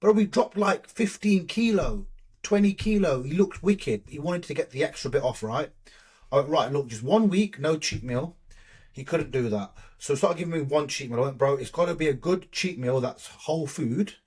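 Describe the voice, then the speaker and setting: A man's voice: medium pitch, animated, normal speed, a little mellow, slightly rough. A young man, a bodybuilding coach, telling stories in a casual podcast chat, swearing often and acting out both sides of his conversations.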